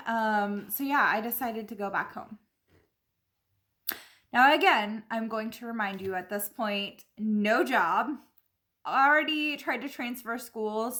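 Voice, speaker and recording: A young woman with a fairly high voice recounts a hard stretch of her life as a casual storytime. She talks in a chatty, candid way, leaning on "like" and "um" as she goes. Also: a bit bright. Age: young adult. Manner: chatty, candid, lots of fillers and "like". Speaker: vlogger.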